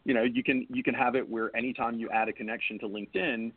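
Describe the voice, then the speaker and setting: A man's voice: mid-range voice, fairly even intonation, fast, slightly rough, no echo. A man, a guest recruiter on a casual panel chat, explaining things step by step. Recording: tinny phone-line audio.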